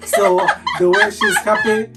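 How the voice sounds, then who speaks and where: A man's voice: high voice, steady tone, measured pace, creaky. A man chatting casually as a vlogger about being a partner, joking and repeating his words. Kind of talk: casual chat. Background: soft guitar music.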